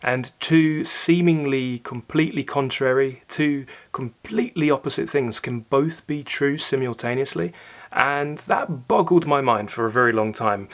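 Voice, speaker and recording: A man's voice: medium pitch, a little slow. Earnest young man musing to camera. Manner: thoughtful, earnest, with fillers and restarts. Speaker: channel host answering viewer questions. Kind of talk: casual solo talk to camera.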